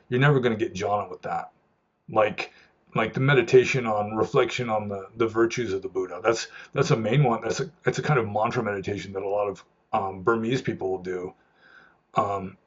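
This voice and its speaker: A man's voice: on the low side, breathy edge, lo-fi sound. A man, a monk, answering viewer questions in a loose, rambling way, with many restarts and fillers. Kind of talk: unscripted Q&A talk.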